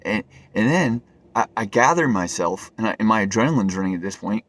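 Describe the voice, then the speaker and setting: A man's voice: fairly low pitch, animated, a little fast, fairly bright tone, dry recording. A man telling a personal story to camera in an earnest, rambling way, often stumbling and repeating his words. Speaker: vlogger.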